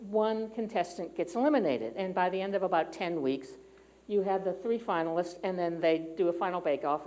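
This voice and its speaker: A woman's voice: fairly high pitch, warm tone, poor audio. A middle-aged woman giving a conversational sermon in a church, candid and personal, with frequent fillers and restarts. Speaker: church speaker. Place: church sanctuary.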